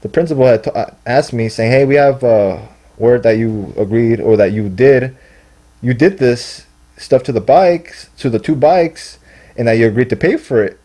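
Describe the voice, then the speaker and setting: A man's voice: mid-range voice, normal speed, dark tone. A young man telling a long story in casual podcast chat, rambling and profane, acting out what people said. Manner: rambling, profane, acts out quotes. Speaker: podcast guest.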